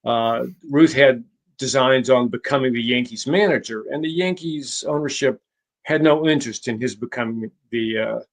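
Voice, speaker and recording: A man at a middle pitch speaks as a guest author in a conversational interview. He tells his stories at a measured pace. He often halts and restarts his phrases. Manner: measured, halting with frequent restarts. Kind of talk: conversational storytelling.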